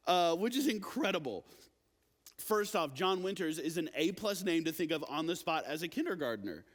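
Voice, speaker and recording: In a big hall with long reverb trailing each phrase, a young youth pastor with a high, light voice talks to teenagers in a casual, animated, storytelling way full of fillers. His delivery is unhurried, with big pitch swings and long pauses.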